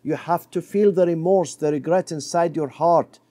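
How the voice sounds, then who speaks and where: A middle-aged man preaching a sermon, telling a story and dropping to a soft low voice for quoted words. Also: normal speed, dry recording.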